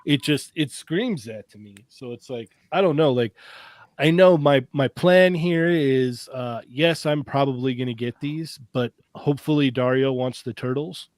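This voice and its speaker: A man co-hosting a podcast in casual chat, rambling and relaxed, sometimes acting out imagined dialogue. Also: medium pitch, normal speed, dry recording. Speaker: podcast co-host.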